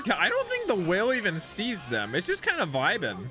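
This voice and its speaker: Excitable young man with lively high voice. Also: a little fast, few pauses, over music. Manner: excitable, exclaiming, swinging from hype to dismay. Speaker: reaction video host. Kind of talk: casual anime reaction commentary.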